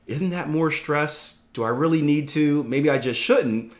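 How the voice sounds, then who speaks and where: A man's voice: fairly high pitch, unhurried, voice pushed up, lightly acted. A man quoting a reluctant, whiny trader. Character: reluctant male trader balking at extra work.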